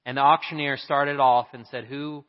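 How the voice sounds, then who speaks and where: An earnest male pastor preaches and tells a story at a middling pitch. His voice rings with a long hall reverb, and the recording sounds dull and lo-fi. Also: normal speed. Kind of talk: sermon.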